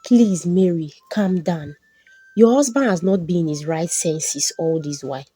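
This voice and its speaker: A woman doing a calm, loyal friend. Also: on the high side, a little slow, breathy edge, no echo.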